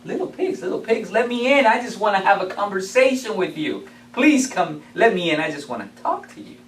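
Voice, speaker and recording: A man takes on a nine-foot big bad wolf who wheedles at the door and then bellows threats. The voice sits high and swings widely. It echoes from a distance in a hall with a faint hum. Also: sing-song, fairly quick. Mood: coaxing. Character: huge pushy male big bad wolf. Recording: echoey room from far off.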